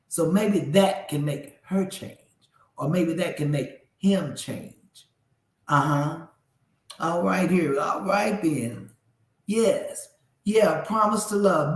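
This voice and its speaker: High-voiced man giving folksy radio advice. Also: reverberant, poor audio. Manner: folksy, preachy, talks straight to listeners. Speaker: radio show host. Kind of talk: casual faith-based radio talk.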